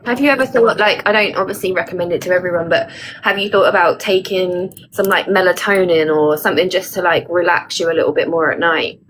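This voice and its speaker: A woman's voice: on the low side, fairly even intonation, a little fast, crowd noise, poor audio. A woman, chatting on a phone livestream as a reassuring, frank and supportive friend. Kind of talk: casual chat.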